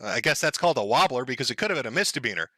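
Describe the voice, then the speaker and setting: A man's voice: mid-range voice, very animated, very fast, bright, forceful tone, husky, no echo. A man hosting a livestream, talking in a crude, sarcastic and mocking way. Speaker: livestream host. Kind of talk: casual livestream commentary.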